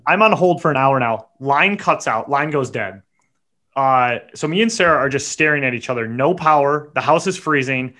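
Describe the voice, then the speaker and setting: A man hosting a podcast, telling a story in a profane, animated rant and muttering quick asides. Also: medium pitch. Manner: animated and profane, voice jumps up when acting out his own yelling. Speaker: podcast host.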